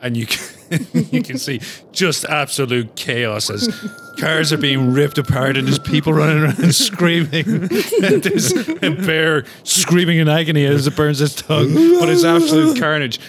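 A man with a slightly higher voice and a very lively, bouncing pitch who sets scenes in a tabletop game while giggling. Faint music plays behind him. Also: a little slow. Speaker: player.

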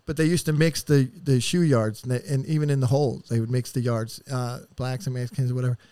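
A man telling rough stories as a podcast guest, casual and full of swearing, rambling and acting out what people said. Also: mid-range voice, fairly even intonation, fast, mellow, no room sound. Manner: profane, rambling, acts out quotes. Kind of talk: casual storytelling.

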